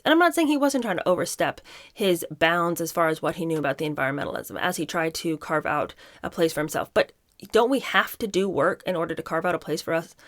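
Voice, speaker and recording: A woman with a slightly low voice hosts a podcast, taking turns between reading passages from a book and talking straight to her listeners with blunt opinions. The sound is close and dry, with no room around her. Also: dry recording. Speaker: podcast host. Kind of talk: reading a book aloud and commenting on it.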